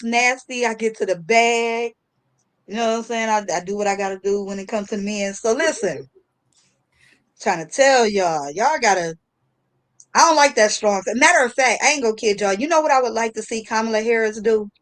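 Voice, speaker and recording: A woman hosting a casual chat show, telling a story in a lively, slangy way with frequent laughter. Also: on the high side, normal speed. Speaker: host.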